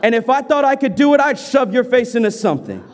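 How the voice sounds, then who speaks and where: A cocky, sneering young schoolboy, acted out by a male preacher in a high and jumpy voice, tough-talking and rebellious. The sound rings with long church-hall reverb. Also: sing-song, fast talker. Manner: sneering and cocky, later pleading in tears. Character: defiant young schoolboy who breaks down sobbing.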